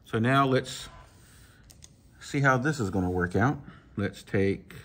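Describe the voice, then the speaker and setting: A man, casually talking viewers through swapping a reel handle, folksy and relaxed as he works. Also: medium pitch, slow pace, breathy edge. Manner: relaxed, talks to himself while working, folksy. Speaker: fishing channel host. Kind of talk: casual hands-on tutorial.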